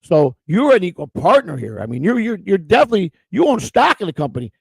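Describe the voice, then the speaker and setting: A man chats on a casual morning livestream, spinning long stories in a gravelly, slightly high voice. He doubles back and repeats words as he goes. The sound is dry and close. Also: huge pitch swings, quick pace, no echo, low-quality recording. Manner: rambling storyteller, repeats words. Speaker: co-host.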